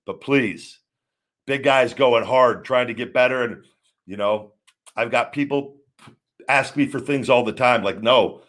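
A man's voice: medium pitch, a little slow, fairly bright tone. A man hosting a live stream, talking casually in a rambling, blunt way and swearing freely. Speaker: show host.

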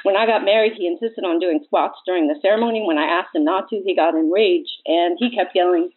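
A woman plays a worried, husky-voiced sister phoning in, earnest but drifting toward flirtation. The sound is narrow and tinny, like a phone line. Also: on the low side, fairly quick. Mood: rattled. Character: flirty anxious sister of an injured player. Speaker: caller. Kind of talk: comic prank call.

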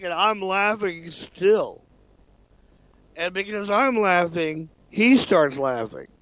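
A man's voice: high voice, no room sound. A man co-hosting a casual radio talk show, telling a story with lots of laughter and swearing. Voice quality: animated, swearing, laughs often.

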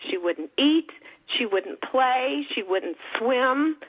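A woman's voice: sits high, lively intonation, slow. A woman author telling an emotional personal story as a radio guest, calling in by phone. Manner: earnest, emotional storytelling with faith references. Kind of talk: radio interview on a phone line. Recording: tinny phone line.

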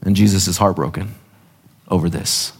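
A man's voice: low-pitched, steady tone, normal speed, gravelly, slightly rough. Earnest preacher man in echoey hall. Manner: earnest, impassioned, emphatic repetition. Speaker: pastor. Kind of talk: sermon.

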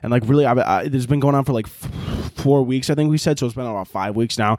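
A young man hosting a comedy podcast, ranting and swearing, his voice leaping high when he gets worked up. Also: fast talker, a little mellow, no echo, clean studio sound. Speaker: podcast host. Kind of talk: comedic rant.

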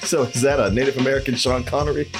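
A man's voice: mid-range voice, fairly even intonation, very fast, music in the background. A man co-hosting a casual comedy podcast, trading dry, teasing comebacks. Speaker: podcast co-host.

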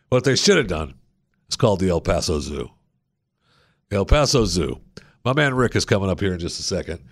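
A male talk-radio host rambles through the day's odd stories in a loose, joking way, circling back to the same lines. His voice has a gravelly, fried edge, and the sound is dry and close with no room around it. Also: sits low, no echo. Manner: chatty, joking, repeats himself. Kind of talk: casual talk radio monologue.

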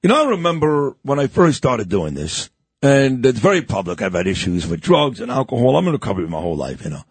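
A male radio host talks in a chatty, animated way, his pitch swinging widely. His voice is husky and somewhat high for a man. It is recorded dry and close in a studio. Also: fast talker, no echo. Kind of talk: casual radio interview. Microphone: studio microphone.

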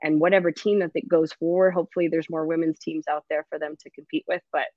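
A woman football coach, a guest chatting in an animated, laughing way and filling her talk with "like". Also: low-pitched, fast talker, no echo. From Canada. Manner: animated and laughing, fills speech with "like". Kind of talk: casual interview chat. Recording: dull lo-fi dry sound.

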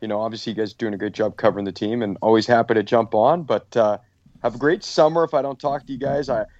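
A man's voice: mid-range voice, quick pace, darkish tone. A man who calls hockey games, guesting on a casual podcast and talking in a friendly, easygoing way. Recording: dull lo-fi, dry.

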